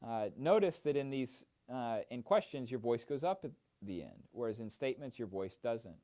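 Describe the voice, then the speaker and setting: A man explaining mentoring techniques in a training lesson, with a lively, animated intonation that rises and falls through each point. He speaks in a clear instructional manner and often pauses on an "uh.". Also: medium pitch. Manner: explanatory, with frequent "uh" fillers. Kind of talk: instructional narration.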